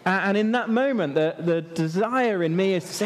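A man preaching to children in a church hall, lively and asking the kids questions. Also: high voice, moderate pace, hardly any pauses. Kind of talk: children's sermon. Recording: echoey hall.

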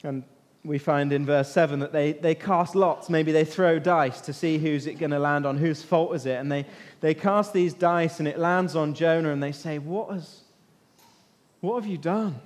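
High-voiced man teaching a Bible lesson. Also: moderate pace. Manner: animated storyteller, quizzing listeners. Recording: long echo of a large hall.

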